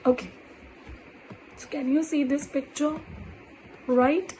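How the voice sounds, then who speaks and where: A woman teaching French in an online lesson, speaking deliberately and repeating words with many fillers. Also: sits high, fairly even intonation, dark tone, a little hiss or hum, poor audio.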